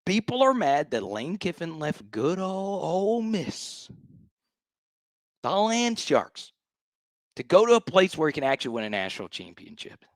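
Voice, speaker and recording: A man ranting, lively emphatic delivery. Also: fairly high pitch, a little slow, no room sound. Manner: emphatic, exasperated, repeats himself for emphasis. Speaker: sports show host. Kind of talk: ranting sports commentary.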